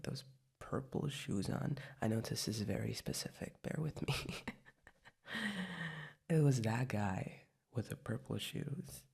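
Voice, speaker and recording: A woman's voice: extremely low pitch, creaky, darkish tone, slightly rough, exaggerated voice. A woman in whispered role-play as a young adult girlfriend, talking in a hesitant, rambling way with lots of restarts.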